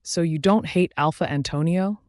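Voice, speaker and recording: A man's voice: a little high, moderate pace, no room sound, studio quality, voice pushed up, lightly acted. A man voicing a young woman assistant who speaks with forced politeness. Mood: polite.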